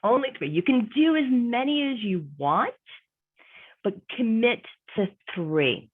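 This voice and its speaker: A woman's voice: a little high, very animated, slow, husky. A woman career coach giving an online workshop presentation, conversational and emphatic, repeating her key points. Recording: tinny phone-like audio.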